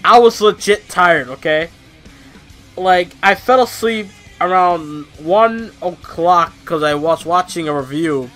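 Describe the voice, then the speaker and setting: A man talks through a casual review in a rambling, profane style. He works himself up into animated rants. His voice is fairly high and bright, with faint music playing behind him. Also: slow. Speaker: wrestling reviewer.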